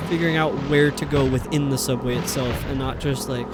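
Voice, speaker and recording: A man's voice: medium pitch, steady tone, a little fast, heavy background noise. A man with a faint New York metropolitan accent, chatting casually and laughing while streaming a video game. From New York City metropolitan area. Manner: chatty and rambling, laughs often.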